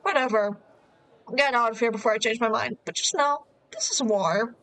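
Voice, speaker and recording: A woman voicing an arrogant male high-school bully, reading his taunting lines from a dating game. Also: moderate pace, fairly bright tone, no echo. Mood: smug. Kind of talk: reading a game's lines aloud.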